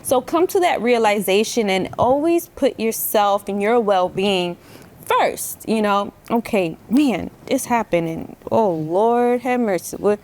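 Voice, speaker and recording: A woman co-hosting a podcast in casual chat, talking with emphatic, expressive energy and folksy sayings. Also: medium pitch, measured pace. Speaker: podcast co-host.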